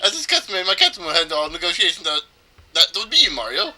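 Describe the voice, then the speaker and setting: A man's voice: fairly high pitch, sing-song, racing, pushed and bright, exaggerated voice. A man voicing a vain, pompous male ship owner in a fake Spanish accent, boasting grandly while reading game text. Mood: triumphant. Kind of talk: let's play voice reading.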